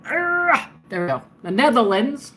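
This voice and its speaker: A woman's voice: mid-range voice, animated, slow pace, fairly bright tone. A woman chatting casually on a live stream from her home, muttering to herself as she searches a map, talking into a handheld phone. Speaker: livestreamer. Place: at home, indoors.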